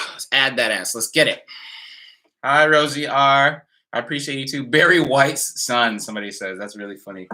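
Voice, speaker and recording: A man's voice: mid-range voice, normal speed, sharp tone. A man chatting casually on a home livestream, laid-back and slangy, reading out viewer comments. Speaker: musician streaming a live Q&A. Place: home, in Nashville.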